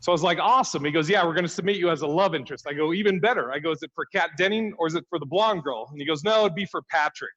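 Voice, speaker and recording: A man's voice: fairly high pitch, racing, few pauses, fairly bright tone, dull audio. Man telling a stand-up story. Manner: laughs at his own punchlines, swears freely. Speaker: stand-up comedian.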